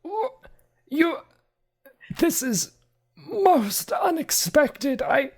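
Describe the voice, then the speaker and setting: A woman doing a flustered, stiffly formal gentleman. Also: extremely high pitch, sing-song, pitched above the performer's own voice, exaggerated voice. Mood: aghast. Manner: strained, halting, clipped formality. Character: flustered stiff formal man, cane-bearing.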